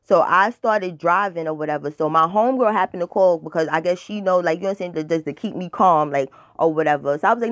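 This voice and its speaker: A woman's voice: lowish voice, fast talker, few pauses, no room sound, studio quality. A woman telling a casual personal story in a blunt, profane, dramatic way, rambling with filler words. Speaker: storytime vlogger.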